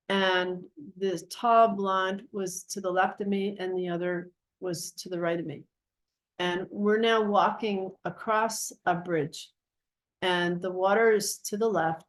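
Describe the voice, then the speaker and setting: A woman with a somewhat low voice recounts a vivid dream. She talks in an earnest, reflective way and often stops to correct herself mid-sentence. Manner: earnest, reflective storytelling with frequent self-corrections. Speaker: guest.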